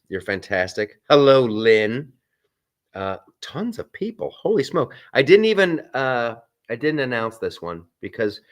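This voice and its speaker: A man hosting a live stream from a film set. He chats casually, reads out viewer comments and rambles with restarts and asides. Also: lowish voice.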